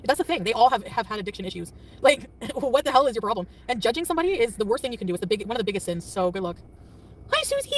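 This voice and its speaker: A woman chatting on a casual livestream, quick and defensive, often laughing and snapping back at commenters. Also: on the high side, expressive. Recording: distant mic with faint traffic noise.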